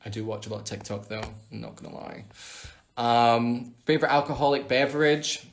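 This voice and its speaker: Scottish guy doing a phone livestream q&a, playful and chatty, mid-pitched voice. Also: a little fast. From Scotland. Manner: playful, chatty, reads out viewer questions. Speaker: livestream host answering fan questions. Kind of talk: casual live Q&A chat.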